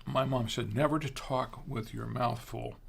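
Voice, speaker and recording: A middle-aged man hosting a wine tasting show, chatting casually and haltingly, sometimes talking while chewing. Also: mid-range voice, steady tone, creaky, background noise.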